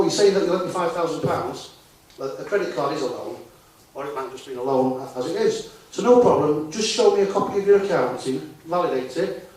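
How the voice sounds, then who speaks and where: Heard from afar in an echoey hall with faint noise, a man addresses a live audience in a chatty way, posing rhetorical questions. His voice is slightly high and slightly mellow.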